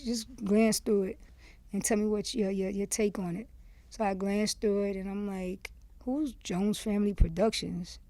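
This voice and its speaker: A woman from Miami tells a story in a loose, candid way as an interview guest. Her voice is warm and relaxed, and the room is dry and close. She slips into quoted back-and-forth as she talks. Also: medium pitch, normal speed, no room sound. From Miami, USA. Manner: candid and animated, acts out quoted dialogue, lots of "you see what I'm saying". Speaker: podcast guest, former rapper.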